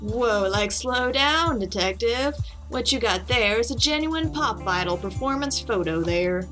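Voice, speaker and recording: A woman voicing a smug, laid-back young male surfer type with a slow drawling twang. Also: fairly high pitch, animated, fairly bright tone, soft background music.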